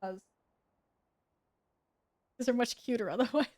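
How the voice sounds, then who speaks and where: A woman's voice: a little high, measured pace, darkish tone. A young woman chatting casually with her viewers while gaming at home, giggling and talking to her cat. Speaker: streamer. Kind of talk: casual gaming stream chat.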